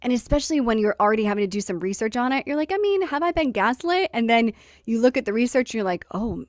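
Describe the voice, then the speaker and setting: A woman's voice: a little high, fast talker, dry recording. Woman host, chatty and wry, acts out the quotes, dry close mic. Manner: lively, wry storytelling with acted-out quotes and laughter. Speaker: podcast host. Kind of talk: casual storytelling chat.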